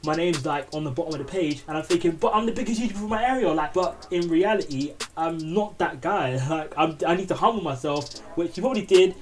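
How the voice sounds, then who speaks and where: A man's voice: on the high side, a little fast, hardly any pauses. A young man, hosting a casual commentary video in a chatty, self-deprecating way. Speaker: commentary YouTuber host. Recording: music bed behind the voice.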